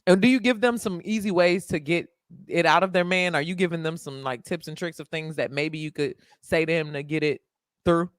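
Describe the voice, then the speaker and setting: A woman's voice: fairly low pitch, brisk, no room sound, studio quality. Blunt, emphatic woman podcast host. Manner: blunt, emphatic, swears freely. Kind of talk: casual podcast chat.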